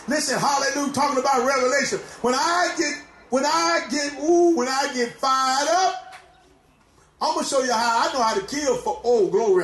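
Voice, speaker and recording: A man preaches a fiery sermon, his voice pitched very high and breaking into shouts and hallelujahs. The church room around him rings with echo, with a faint hum of ambience behind. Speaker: pastor.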